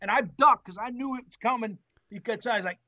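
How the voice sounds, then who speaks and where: A former Marine telling an animated story in an interview, acting out the quotes with salty language. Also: male voice, very high-pitched, a little fast, dull audio. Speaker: guest, former Marine tank driver.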